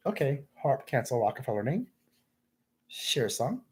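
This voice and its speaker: A man's voice: mid-range voice, sing-song, moderate pace, slightly rough. A man talking in a rambling solo monologue, drifting from thought to thought and calling the listener "man.".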